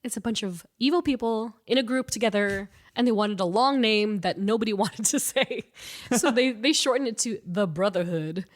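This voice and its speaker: Stuffy-nosed woman, animated storyteller. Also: medium pitch, moderate pace. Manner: animated storytelling, laughs often. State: stuffy nasal. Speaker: podcast co-host. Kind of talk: casual chat.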